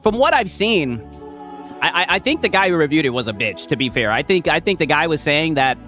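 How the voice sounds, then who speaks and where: Animated streamer man over background music. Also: a little high, fairly quick. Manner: rambling, mocking, frequent "right?" tags. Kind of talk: casual livestream commentary. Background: music playing.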